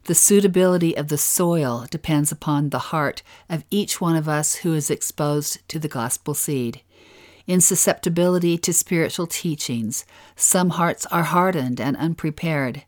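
A woman's voice: low-pitched, moderate pace, darkish tone. A woman giving an earnest devotional talk, reading in a storytelling manner. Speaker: religious speaker.

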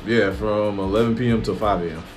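A man's voice: fairly low pitch, brisk, faint music behind. A man co-hosting a casual chat, telling joking stories and swearing freely. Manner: profane, joking, animated storyteller. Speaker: podcast co-host.

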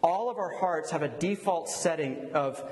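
A man's voice: a little high, normal speed, a little hiss or hum. Man preaching in an echoing hall. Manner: conversational, animated storytelling. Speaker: pastor. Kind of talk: sermon with storytelling. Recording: echoey hall, long reverb.

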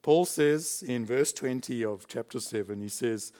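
A man's voice: mid-range voice, a little slow, dark tone. A man from South Africa preaching a sermon in a church, emphatic and chuckling between points. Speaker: pastor.

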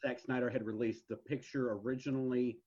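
A man's voice: medium pitch, little pitch movement, brisk, a little mellow, husky. A man in casual chat, knowledgeable but hesitant with many fillers, on a dull lo-fi recording. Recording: dull lo-fi sound.

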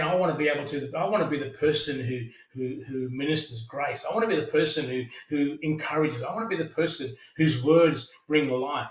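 A middle-aged man preaching a sermon, earnest, often repeating words as he restarts. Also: a little high. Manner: earnest, frequent stammered restarts. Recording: echoey room, mic at a distance.

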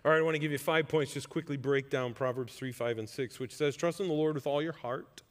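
A man's voice: mid-range voice, fairly quick, big-room sound. A man preaching a sermon as pastor, earnest and conversational, building to emphatic points.

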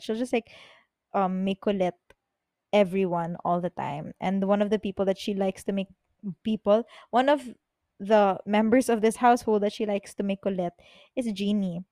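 A young woman, hosting a podcast and telling personal stories in an excitable, rambling way, swearing freely. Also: medium pitch, dry recording. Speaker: podcast host. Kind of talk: casual personal storytelling. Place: bedroom, on her bed.

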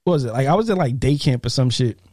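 A man's voice: medium pitch, animated, mellow, dry recording, clean studio sound. A man, co-hosting a podcast and telling a story in casual, slangy chat. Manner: laid-back, profane street slang, drawn-out telling. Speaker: podcast co-host.

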